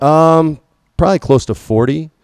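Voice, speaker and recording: A man telling a long story in casual talk, animated and swearing freely, jumping loud and high whenever he quotes someone. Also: normal speed, clean tone, no echo, clean studio sound. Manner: animated, swings loud and high when quoting people. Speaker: podcast guest.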